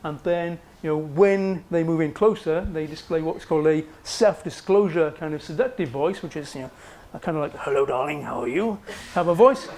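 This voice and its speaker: A man's voice: a little high, moderate pace, a little mellow, slight background noise. A man giving a university psychology lecture in a conversational way, often checking in with "okay" and fillers. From Wales. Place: lecture room.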